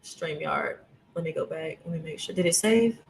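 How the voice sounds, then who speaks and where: Brief: woman streamer, casual slangy storyteller, animated and loud at times, built-in computer mic. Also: sits low, moderate pace, vocal fry, noisy background. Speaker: livestream host. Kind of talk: casual storytelling to a live audience. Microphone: computer's internal mic.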